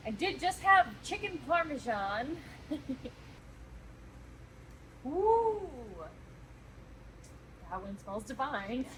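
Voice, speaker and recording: A woman's voice: high-pitched, very animated, very slow, pauses often, a bit bright. A woman tasting whiskey and chatting in a bubbly way, laughing often. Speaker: whiskey taster. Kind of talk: casual tasting chat. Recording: echoey room with noise.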